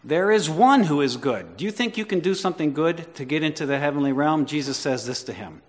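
A male pastor with a slightly high, expressive voice preaches a little fast, drawing the congregation in with questions. He builds to emphatic statements said again and again, and the sound carries long hall reverb.

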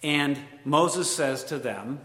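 A man preaching a sermon, animated, swinging between loud emphatic lines and hushed asides. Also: on the high side, takes it slowly. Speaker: pastor. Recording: long hall reverb.

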